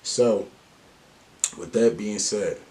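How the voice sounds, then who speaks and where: A man's voice: on the low side, very slow, mellow. A man vlogging life advice in a slangy, earnest and open way. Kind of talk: casual to-camera talk.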